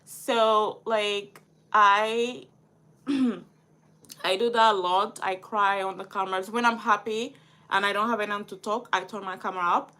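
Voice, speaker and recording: Bright-voiced young woman, rambling vlog talk. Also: mid-range voice, fairly even intonation, a little slow. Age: 20s. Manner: rambling, heavy use of "like", restarts. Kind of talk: emotional personal vlog storytelling.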